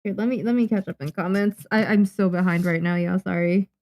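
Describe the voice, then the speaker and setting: A young Japanese woman, a manga artist, chatting casually on a livestream while she draws, muttering and calming herself down. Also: mid-range voice, brisk. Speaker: manga artist streaming her drawing.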